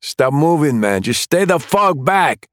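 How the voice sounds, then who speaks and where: A man's voice: mid-range voice, moderate pace, no room sound, clean studio sound, pitched above the performer's own voice, lightly acted. A man voicing a defiant, foul-mouthed teenage suspect who snarls in street slang. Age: late teens.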